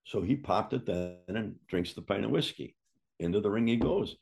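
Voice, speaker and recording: Lowish, creaky, and slightly rough, this older man's voice moves at a normal speed. Once a wrestler, he spins a casual yarn, voicing other people's lines and cursing without restraint.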